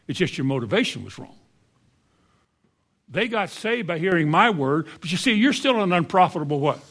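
Animated preacher, high rising questions. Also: male voice, moderate pace. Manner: rhetorical questions, rising to high exclamations and dropping to soft asides. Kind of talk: sermon.

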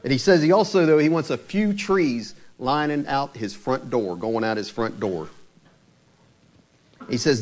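A man preaching, his voice sitting at an ordinary middle pitch. He retells a story in a conversational way and turns dramatic at key moments. He speaks directly to his congregation. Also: animated, measured pace. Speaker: pastor. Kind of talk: sermon storytelling.

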